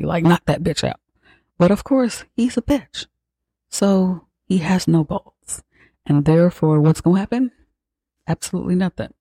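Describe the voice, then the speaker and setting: A man's voice: fairly high pitch, mellow, dry recording. A man hosting a podcast, retelling a film in a casual, profane, sarcastic way. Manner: profane, sarcastic, slangy storytelling. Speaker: podcast host recapping a film. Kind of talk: casual movie recap.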